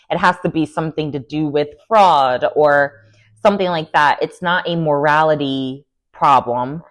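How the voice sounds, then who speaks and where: A woman casually recapping a reality TV episode, chatty and animated, with lots of fillers and laughing asides. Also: low-pitched. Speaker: recap vlogger.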